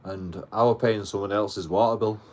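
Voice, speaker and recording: A man, speaking in a fairly low voice, tells a long story in a casual, rambling way. He swears constantly and often stumbles back over his own words. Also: fairly even intonation, moderate pace, a little mellow. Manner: rambling, heavy swearing, frequent restarts. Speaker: livestreamer. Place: outdoors.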